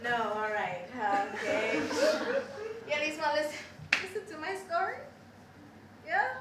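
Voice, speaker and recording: A woman on stage playing a restless young zookeeper who tells a story in a profane, animated rant. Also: high-pitched, unhurried. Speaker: stage performer. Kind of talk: theatrical monologue. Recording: echoey hall heard from far off, faint noise.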